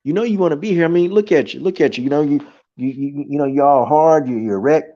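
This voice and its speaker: A man puts on a flirty, coaxing woman's voice, pitched up high above his own low speaking tone. She teases and insists, and the sound is a little dull and lo-fi. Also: fast, warm tone, close to an everyday voice.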